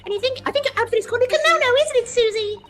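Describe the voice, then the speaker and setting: Brief: precocious smug girl sleuth in a game, a woman voicing her, very high and rapid. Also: over loud music.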